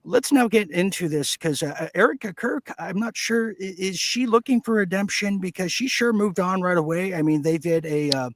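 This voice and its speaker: A man hosting a podcast in casual chat, talking haltingly with many filler sounds. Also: sits high. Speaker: podcast host.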